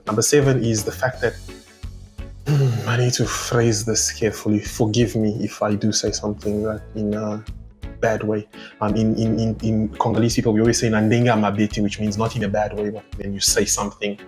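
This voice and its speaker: A man's voice: lowish voice, flat delivery, moderate pace, a little mellow, faint music behind. A young man from South Africa chatting casually in a vlog, rambling through asides and laughing as he goes. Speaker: vlogger.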